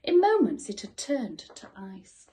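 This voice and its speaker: A woman teacher reading a bedtime story expressively and sometimes dropping to soft whispers. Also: a little high, huge pitch swings, unhurried, noisy background. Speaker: school teacher.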